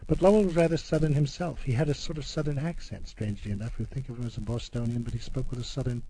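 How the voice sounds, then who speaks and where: A man reading a poem aloud and then talking about it, halting and repeating words as he explains. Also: mid-range voice, steady tone, warm tone, slight background noise, low-quality recording. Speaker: poet and guest discussing poetry. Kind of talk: poetry reading and discussion.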